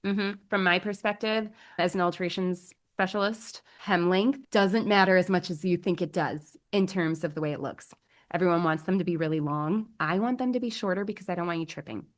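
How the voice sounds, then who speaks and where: A woman's voice: on the low side, brisk. A young woman hosting a solo podcast as a bridal alterations specialist, chatty and bubbly with gushing exclamations.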